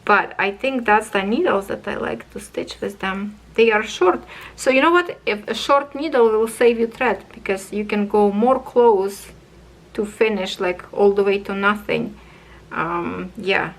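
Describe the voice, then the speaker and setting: Slow-talking enthusiastic woman crafter. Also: medium pitch, poor audio. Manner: slow, enthusiastic, talks to viewers as friends. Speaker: craft channel host. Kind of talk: casual unboxing review.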